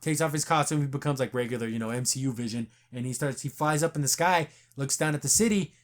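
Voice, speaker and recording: A man's voice: medium pitch, fast. A man hosting a podcast, casually recapping a TV episode and acting out the characters' lines as he goes. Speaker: podcast host. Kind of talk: casual show review chat.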